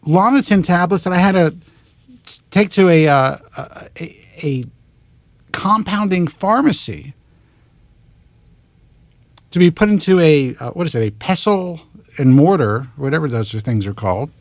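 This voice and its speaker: A talk show host in his forties with a New York accent, worked up and exasperated as he rants into a close mic. His voice sits a touch high for a man. The sound is dry and close, with no room around it. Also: a little slow, pauses often, no room sound. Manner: animated, exasperated, swears in clipped letters. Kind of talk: ranting monologue. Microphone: close studio mic.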